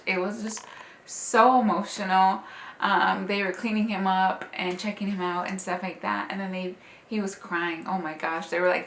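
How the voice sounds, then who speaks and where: A young woman speaks in a casual, emotional way, full of "like" and "um," as a new mother sharing her story. Her voice sits at a middle pitch. The room adds a light echo over a faint background hum. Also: fairly bright tone. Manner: emotional, tender, many "like" and "um" fillers. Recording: slightly roomy with faint ambience.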